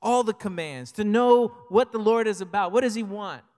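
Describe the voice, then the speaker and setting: An older man with a notably high voice delivers a conversational sermon, weaving in personal stories. His words ring out with a long, trailing reverb, as if in a large hall. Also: normal speed, a little mellow. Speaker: pastor.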